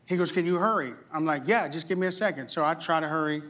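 A man's voice: fairly high pitch, quick pace. A middle-aged male pastor preaching a sermon, telling a story with humor and acting out what people said. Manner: animated storyteller, jokes and acts out quotes.

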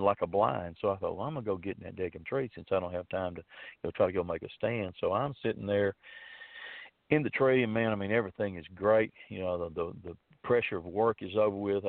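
A man with a Southern accent and a fairly low voice tells a story in a loose, rambling way, stopping and restarting his sentences. The sound is dry and thin, like it comes over a phone line. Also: no room sound. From Arkansas. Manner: rambling, folksy, many fillers and restarts. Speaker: storyteller guest. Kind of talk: casual spoken storytelling.

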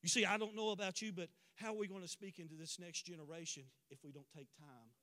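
Male preacher, fervent sermon delivery, high bright voice, long church-hall reverb. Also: fairly even intonation, fast talker. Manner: impassioned, building to emphatic declarations. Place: church sanctuary.

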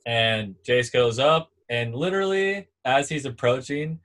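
A young man in relaxed conversation, telling a volleyball story with energy and doing quick voices for the people in it. His voice sits at an ordinary middle pitch. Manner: animated storyteller, acts out quotes. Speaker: former volleyball player. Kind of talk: casual storytelling chat.

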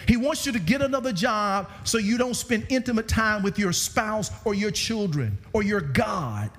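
Male preacher, high voice, lively swooping delivery, long church reverb. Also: moderate pace. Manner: animated preaching with sudden pitch swings. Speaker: guest preacher. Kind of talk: sermon. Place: church sanctuary.

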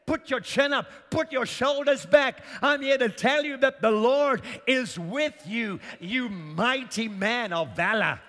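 A man's voice: very high voice, measured pace, few pauses, bright, forceful tone, full character voice. A man voicing an encouraging male angel who rallies a listener with urgent calls. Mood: rousing. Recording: long reverb of a large hall.

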